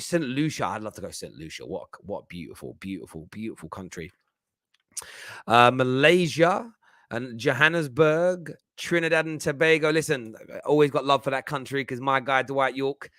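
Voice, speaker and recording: A man's voice: mid-range voice, fairly bright tone, no room sound, studio quality. A man hosting a live football phone-in stream, chatting and bantering with viewers. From England. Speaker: football podcast host.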